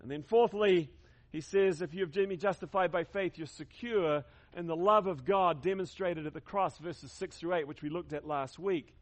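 High-voiced emphatic male preacher. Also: moderate pace. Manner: emphatic, repeats key words, leads congregation in call-and-response. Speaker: pastor. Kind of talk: sermon.

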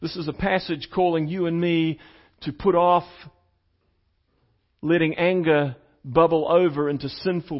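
A man with a high voice preaches a teaching sermon. He repeats his main points and puts questions to the congregation. The recording sounds slightly dull and lo-fi. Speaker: pastor.

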